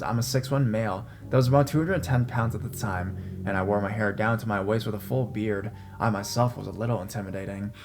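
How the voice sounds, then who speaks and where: A young man reads a scary story aloud in a measured, tense storytelling voice. His voice is low, and faint plucked guitar music plays quietly behind him. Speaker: horror story narrator. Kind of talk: scripted horror story narration.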